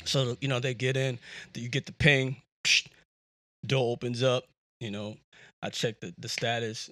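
A man's voice: mid-range voice, brisk, fairly bright tone, no echo, studio quality. A man hosting a podcast, talking in a casual, rambling, jokey way with lots of fillers, recorded on a USB microphone. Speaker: podcast host. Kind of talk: casual monologue.

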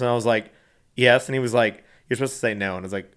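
A man's voice: medium pitch, steady tone, rapid-fire, fairly bright tone, clean tone. A man co-hosting a podcast, telling a travel story in casual chat with wry, joking remarks. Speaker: podcast co-host.

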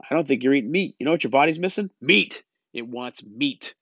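A man's voice: mid-range voice, animated, a little fast, a bit bright, breathy edge, dry recording, highs cut off. A man delivering a blunt, exasperated opinion rant, lecturing his listeners and tagging lines with "okay?".

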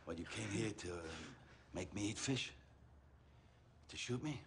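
Weary enforcer, gruff, dry, animated delivery, faint film ambience. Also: male voice, fairly low pitch, unhurried, slight background noise. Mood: pleading calmly. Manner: gruff, dry, calm reasoning under threat. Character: battered tough male enforcer, weary and wry.

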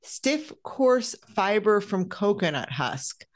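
A woman's voice: mid-range voice, very animated, slow pace. A woman co-hosting a podcast in casual chat, wry and laughing often, with exasperated asides. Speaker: podcast co-host.

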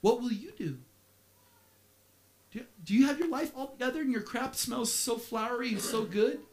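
A man preaching a sermon as pastor, animated, with playful asides, swinging from quiet stretches to shouting. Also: extremely high pitch, normal speed.

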